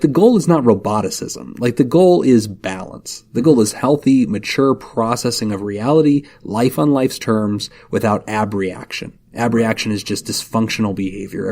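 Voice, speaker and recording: A man co-hosting a casual podcast as a therapist, talking in a lively, animated way with jokey asides. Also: lowish voice, moderate pace, hardly any pauses. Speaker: therapist co-host.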